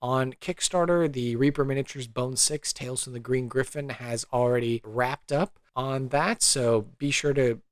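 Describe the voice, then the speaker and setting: Casting: man, mid-pitched, relaxed podcast host, dry close mic. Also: moderate pace, few pauses, no echo. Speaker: podcast host and game master. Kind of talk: casual interview and ad read.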